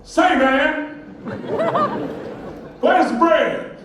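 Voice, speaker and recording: Bit voice: comedian putting on a high, shouty, fed-up shopper, live room echo. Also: male voice, very slow, recorded from a distance, a loud crowd, heavy background noise, exaggerated voice. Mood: indignant. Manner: shouting, exasperated. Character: loud indignant man in grocery aisle.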